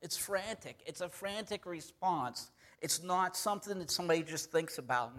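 A man's voice: fairly high pitch, normal speed, hardly any pauses, fairly bright tone. A man preaching a sermon in an earnest, emphatic manner, repeating key phrases to drive them home.

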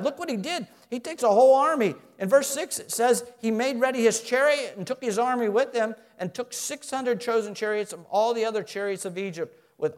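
A man preaching a sermon in an animated way, rising loud and then dropping quiet, asking his listeners questions. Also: extremely high pitch. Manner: asks the audience questions. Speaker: pastor.

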